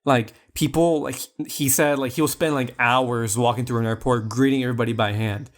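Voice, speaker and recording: Speaking at a moderate pace with a steady, medium-pitched voice, a man co-hosts a podcast and casually discusses a movie. He uses many fillers and often starts sentences over.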